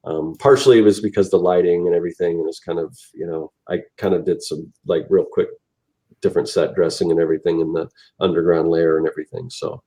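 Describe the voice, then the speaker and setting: A man's voice: sits low, fairly even intonation, fast, warm tone, rough recording. A man co-hosting an artists' podcast, talking in a rambling, casual way with many restarts. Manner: rambling, with frequent restarts and trailing phrases. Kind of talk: casual chat.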